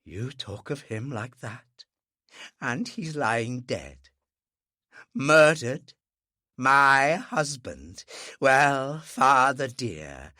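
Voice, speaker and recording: A narrator voicing a bitter young actress who taunts her father in a quiet, cold, mocking voice. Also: low voice, dry recording, clean studio sound, full character voice. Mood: cold taunting. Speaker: actress, Otto's daughter.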